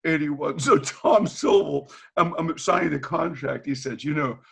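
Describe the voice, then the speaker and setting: Older man, from Boston, gravelly, slightly high, storyteller, video call. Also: unhurried. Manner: animated storyteller, acts out quoted dialogue, laughs often. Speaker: retired teacher, guest.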